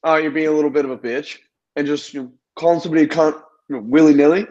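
A man's voice: on the high side, steady tone, rapid-fire, darkish tone. Young man telling a crude story, lo-fi. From Ohio, US. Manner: storytelling, swearing, teasing. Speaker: podcast co-host. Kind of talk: casual chat. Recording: dull lo-fi sound.

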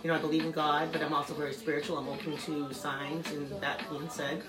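A middle-aged woman recounts a personal story as a guest in a casual interview, chatting freely and acting out quoted people with rising pitch and laughter. Her delivery is flat and fast, and the low-quality recording carries room echo.

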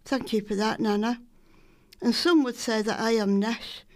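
A woman's voice: fairly high pitch, steady tone, normal speed. A woman from Salford with a Lancashire accent, reading her own poems in a homely storytelling manner. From Salford, England. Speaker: poet. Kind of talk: poetry reading.

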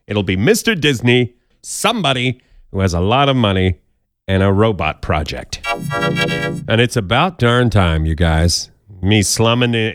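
Male podcast host, bouncy and animated, jokey news rundown, dry booth sound. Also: on the low side, no echo. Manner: jokey, playful asides, bouncy delivery. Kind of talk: casual comedic news countdown.

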